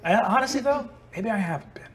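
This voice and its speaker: A man voicing a long-lost father who is soft and emotional, choking up in disbelief at a reunion with his son in a tabletop game. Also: sits high, animated, quick pace, soft background music, pitched above the performer's own voice. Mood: tender. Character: warm, tender father long thought dead, human.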